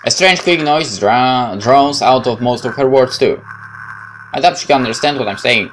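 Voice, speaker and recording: A man hosting a let's play, reading a horror game's narration aloud in an expressive way that rises on exclamations. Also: medium pitch, normal speed, a little hiss or hum. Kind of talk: dramatic reading of game text.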